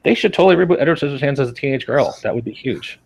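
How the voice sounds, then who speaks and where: A man's voice: mid-range voice, lively intonation, racing, creaky, a little mellow. Chatty man in his forties hosting. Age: 40s. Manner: rambling, with many fillers and easy laughs. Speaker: podcast host. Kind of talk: casual chat.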